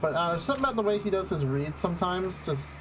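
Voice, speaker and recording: A man's voice: sits high, animated, fast talker, noisy background. A male streamer giving casual gaming commentary, rambling and profane with lots of fillers.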